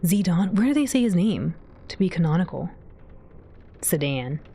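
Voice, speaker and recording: A woman's voice: fairly low pitch, sing-song, moderate pace, mellow, slightly rough. A woman livestreamer chatting casually with her viewers as she plays, giggling often and reading their messages aloud. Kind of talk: casual game commentary to chat.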